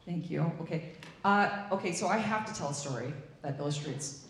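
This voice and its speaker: A woman's voice: deep voice, a little fast, noisy background. Distant echoey woman telling a rambling story. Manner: rambling, animated, acts out the voices she quotes. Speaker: speaker sharing a story at a gathering. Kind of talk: casual anecdotal storytelling.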